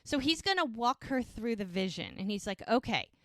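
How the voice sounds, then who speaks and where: A woman's voice: a little high, big pitch swings, normal speed, dry recording. A woman co-hosting a podcast, casually retelling TV scenes and quoting the characters' lines. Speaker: podcast co-host recapping episodes. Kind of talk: casual recap chat.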